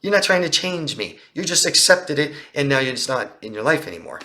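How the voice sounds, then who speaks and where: Male life coach, live Q&A, bright edgy tone, emphatic and rhetorical. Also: a little high, sing-song, a little fast. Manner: emphatic, rhetorical questions, acts out quoted lines in a raised voice.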